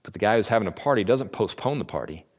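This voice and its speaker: A man with a fairly low voice leads a relaxed Bible lesson, chatting, joking and slipping into the voices of the people he describes. His words ring out with a long reverb, as if spoken in a big hall. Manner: conversational, jokey, acts out the characters in quick asides. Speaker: Bible teacher. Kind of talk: casual Bible teaching.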